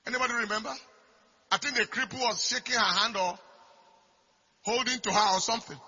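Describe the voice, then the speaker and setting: A man preaching a sermon, repeating phrases and swinging from quiet talk to shouted declarations. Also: very high voice, a little fast, breathy edge. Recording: dull lo-fi recording.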